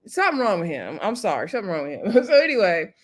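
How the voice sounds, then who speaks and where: A woman talks through a TV episode in a loose, chatty recap. Her voice sits at an ordinary middle pitch. She is opinionated and acts out the lines people said. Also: very animated, very fast. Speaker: TV show recapper.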